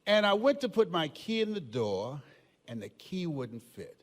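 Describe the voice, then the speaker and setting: An older man giving a motivational speech to a live audience, telling stories with emphasis, often shouting and laughing. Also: a little high, big pitch swings, a little slow. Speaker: motivational speaker. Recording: long hall reverb.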